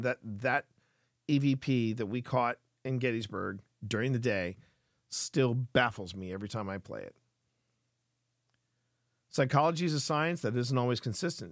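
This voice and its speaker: A man talks to his live-stream chat in a casual, earnest, explanatory way. His voice sits at a medium pitch. The sound is dry and close, with no room echo. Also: normal speed.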